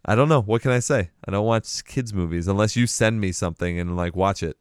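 A man's voice: on the low side, brisk, smooth, dry recording, studio quality. A man co-hosting a casual podcast chat, blunt and profane, laughing often. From Boston area. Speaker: podcast co-host.

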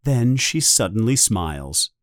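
Male storybook narrator; slow, careful, clear, dry close recording. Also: lowish voice, dry recording. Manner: slow, even, clear read for learners. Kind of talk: simplified storybook reading.

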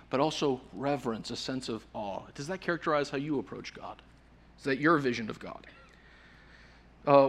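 A man preaching a sermon in an earnest way, moving between forceful emphasis and hushed softness. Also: medium pitch.

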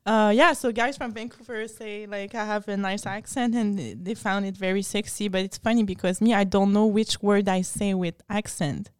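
French Canadian woman, smooth voice. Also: medium pitch, fairly even intonation, no echo, studio quality. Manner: halting English, playful, giggly. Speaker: guest. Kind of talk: casual chat.

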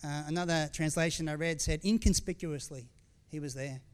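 Smooth and fairly quick, with a voice on the high side, a middle-aged man preaches as pastor, speaking frankly and informally with frequent restarts and side remarks. He becomes tearful at moments.

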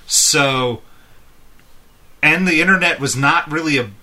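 A man's voice: on the high side, measured pace, pushed and bright. A man in his thirties, a podcast co-host, telling a long rambling story in casual chat and chuckling often.

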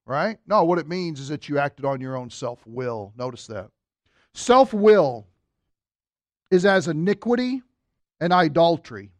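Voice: medium pitch, dry recording. Joking, chatty Bible teacher with dry sound. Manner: joking asides, addresses listeners directly.

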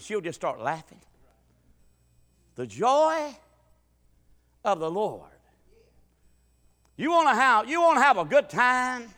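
A man's voice: extremely high pitch, pushed and bright, big-room sound. A man preaching a folksy sermon, telling family stories with emphatic, stammering restarts. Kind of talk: sermon with storytelling.

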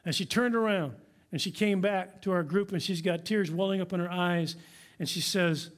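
A man's voice: high-pitched, moderate pace. A man preaching a sermon as pastor in a church, earnest and exhorting his congregation. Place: church sanctuary.

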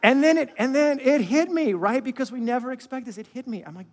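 A middle-aged male pastor preaching a conversational sermon, asking the audience questions and dropping into quiet asides. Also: very high-pitched, a little fast, big-room sound.

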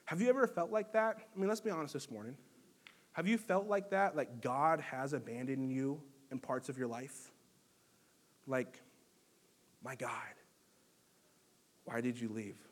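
Pastor guy preaching, pretty high voice, gets quiet then loud and earnest. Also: moderate pace. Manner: earnest preaching, swings between hushed and raised delivery. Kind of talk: sermon.

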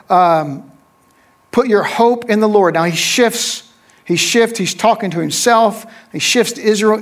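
High-voiced middle-aged man preaching. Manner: conversational storytelling, repeats phrases, checks in with "right?". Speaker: pastor. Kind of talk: sermon.

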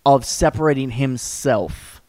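A man's voice: mid-range voice, unhurried, a little mellow, no room sound. A man hosting a casual podcast, laid-back and agreeable, often restarting his sentences. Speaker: podcast host.

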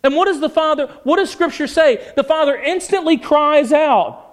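High-voiced, passionate male preacher. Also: expressive, normal speed. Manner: passionate, emphatic, asks the audience questions. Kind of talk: sermon.

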